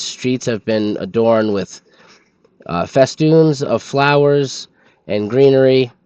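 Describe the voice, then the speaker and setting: A drowsy man reads game documents aloud to his stream, tripping over hard names as he goes. His voice sits at a middle pitch, with a dry, slightly dull lo-fi sound and no room echo. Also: a little mellow. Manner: stumbles over names, sleepy and yawning. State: sleepy.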